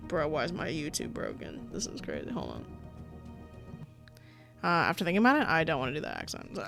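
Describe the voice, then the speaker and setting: A young woman streams a visual novel, reading it aloud in a medium-pitched, slightly bright voice. She reacts with casual, profane commentary and laughs throughout.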